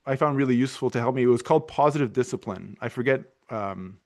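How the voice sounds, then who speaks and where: A man's voice: mid-range voice, quick pace, a little mellow. Rambling man telling a story. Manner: rambling, many restarts and fillers. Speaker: podcast host. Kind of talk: casual conversational storytelling.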